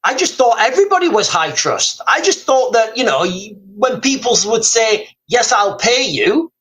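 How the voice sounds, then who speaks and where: A man's voice: extremely high pitch, big pitch swings, moderate pace, a bit bright, low-quality recording. A man hosting a casual livestream, rambling, repeating himself and reading out viewer comments. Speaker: livestream host. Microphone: streaming mic.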